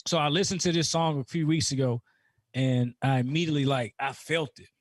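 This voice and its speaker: Male host, casual live talk show, rambling, repeats himself, fairly high voice, dry sound. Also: a little fast, no echo. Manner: rambling, repeats words, warm and informal.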